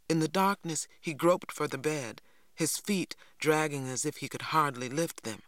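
A narrator reading a novel aloud in a steady storytelling manner. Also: medium pitch, moderate pace, no room sound, studio quality. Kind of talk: audiobook reading.

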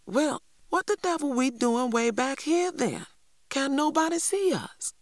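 A woman reading aloud voices a spirited, impatient young girl, speaking high and eager. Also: very animated, normal speed, no echo, studio quality, lightly acted. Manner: eager, pushy, higher-pitched.

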